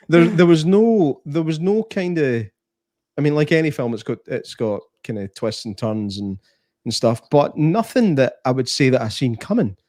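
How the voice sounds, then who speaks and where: A man's voice: fairly high pitch, big pitch swings, moderate pace, darkish tone, no echo, studio quality. A Scottish man co-hosting a podcast, chatting enthusiastically and rambling about films, laughing often. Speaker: podcast co-host. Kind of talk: casual film review chat.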